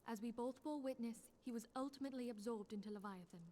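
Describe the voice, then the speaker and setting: An actress voicing a calm, thoughtful young woman leader in a game cutscene, speaking in a measured, formal way. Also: on the high side, natural voice. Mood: reflective.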